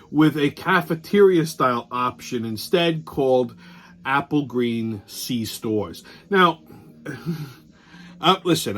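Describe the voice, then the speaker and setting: A man hosting a show, telling stories in a profane, animated way and laughing as he goes. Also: medium pitch. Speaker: host. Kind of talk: casual monologue with storytelling.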